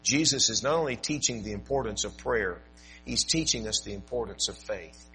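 A man preaching a sermon, telling a story with folksy humor and swinging from loud to soft. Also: lowish voice, normal speed, faint music behind, poor audio. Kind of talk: evening sermon.

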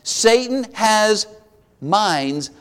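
A man preaching a sermon, retelling a Bible story with lively acted-out voices. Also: high voice, very slow, clear, resonant tone, big-room sound. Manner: animated storytelling, acting out voices of biblical figures.

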